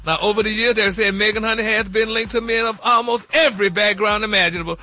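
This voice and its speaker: A man's voice: high-pitched, fairly even intonation, fast, bright, forceful tone. A man hosting celebrity gossip in a flamboyant, sassy chatting style. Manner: flamboyant, peppers talk with honey and y'all.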